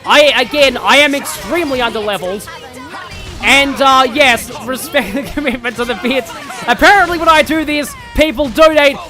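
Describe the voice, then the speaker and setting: An Australian man commentating his gameplay livestream in a loud, over-the-top pitchman voice he keeps up as a bit. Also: normal speed, over music, a crowd in the background. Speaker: streamer.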